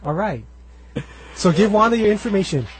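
A man's voice: sits high, lively intonation, moderate pace, a little hiss or hum. Upbeat male radio co-host. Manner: upbeat, laughing. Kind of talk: call-in radio talk.

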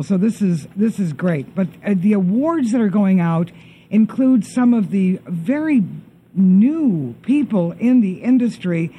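A middle-aged man hosting a show, chatting casually with a guest and reading out lists of names haltingly. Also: sits high, warm tone, slight background noise. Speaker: show host. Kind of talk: casual interview chat.

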